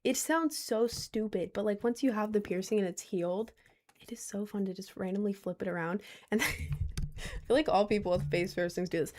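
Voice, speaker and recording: A woman's voice: medium pitch, fairly quick, mellow. Giggly, rambling young woman streamer. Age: 20s. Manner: rambling, giggly, lots of "like" and restarts. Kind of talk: casual stream chat, reading viewer questions.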